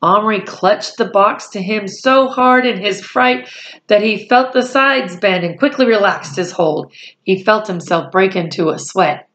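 A woman's voice: mid-range voice, measured pace, a bit bright. A woman reading a children's novel aloud, who corrects small slips and stops to explain words. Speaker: storyteller.

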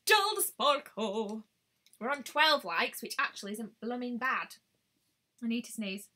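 Bright-voiced chatty woman. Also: fairly high pitch, moderate pace. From United Kingdom. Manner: chatty, thinks aloud, exclaims often. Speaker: beauty vlogger. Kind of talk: casual live-stream chat.

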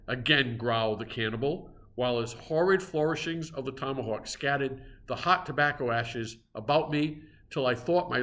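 Male reader, mid pitch, steady and expressive novel narration. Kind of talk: reading a classic novel aloud.

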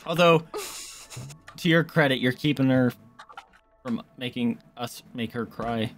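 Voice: mid-range voice, unhurried, soft background music. A gamer in casual banter on a co-op stream, teasing the partner and swearing freely. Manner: joking, teasing, frequent swearing.

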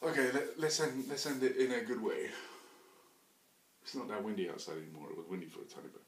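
Husky-voiced man, crude rambling monologue. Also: fairly low pitch, fast. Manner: crude, joking, erratic bursts of loud mock bravado. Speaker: podcast host.

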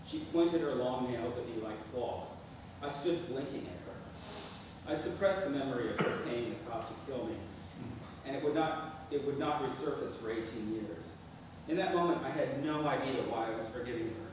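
A man reading a memoir piece aloud at a spoken-word event in an art gallery, with a dry, deadpan storytelling manner. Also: medium pitch, moderate pace. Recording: echoey hall, far mic, noisy.

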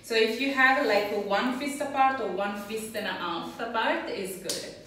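Dance teacher, woman, unhurried and careful, distant mic with faint room noise. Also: on the high side, pushed and bright. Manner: slow, patient counting of rhythm and steps. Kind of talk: dance class instruction. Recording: echoey room, voice from far off.

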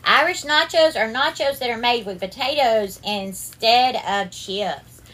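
A woman with a Southern US accent runs a casual cooking livestream, her voice sitting a little high. She talks in an affectionate way, calling viewers darling and sweetheart as she greets them by name. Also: a little slow, fairly bright tone. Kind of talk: casual live-stream cooking chat.

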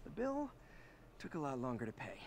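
A man's voice: fairly high pitch, wildly swooping pitch, moderate pace, a little mellow, a little hiss or hum. A man voicing a young adult male superhero who speaks in dry, self-mocking quips. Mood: wry.

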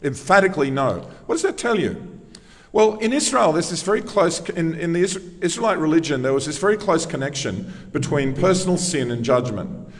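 A man's voice: on the high side, expressive, brisk, in a large hall. A man preaching a sermon, telling the story conversationally and asking emphatic rhetorical questions. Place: church.

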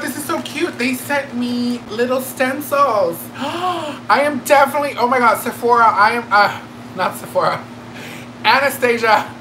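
A woman's voice: medium pitch, noisy background. Campy, gasping woman beauty vlogger. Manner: campy and excitable, gasps and squeals, slangy asides. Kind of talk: casual makeup unboxing chat.

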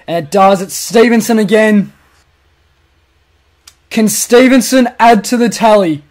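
A young Australian man calling his own football video game, jumping from quiet muttering to loud cheering when goals go in. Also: high voice, unhurried. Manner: swings from muttered asides to shouted goal calls. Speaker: gaming commentator. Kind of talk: excited play-by-play over a football video game.

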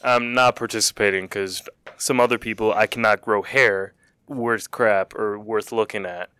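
A man's voice: on the low side, steady tone, normal speed, sharp tone, clean tone, no room sound. A teenage boy chatting as a podcast guest, joking and making goofy asides. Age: teens. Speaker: guest, show choir performer. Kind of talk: casual chat.

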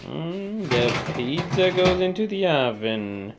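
A man's voice: a little high, very animated, takes it slowly, heavy background noise. A man in casual kitchen banter, playful and bossy as he teases his friend while cooking. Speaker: home cook vlogger. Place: home kitchen.

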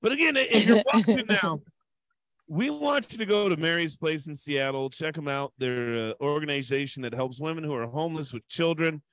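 A man hosting an online charity comedy show, bantering in a loud and playful way between acts. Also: fairly high pitch, normal speed, no echo, poor audio. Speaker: host. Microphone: video call.

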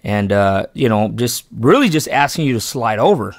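A man's voice: medium pitch, sing-song, moderate pace, no echo, clean studio sound. A man who hosts a fishing channel tells, in casual and rambling style, how a day of fishing with his son went, often restarting and correcting himself. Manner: earnest, emphatic when praising his son. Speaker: fishing channel host and father. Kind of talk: casual storytelling vlog narration.

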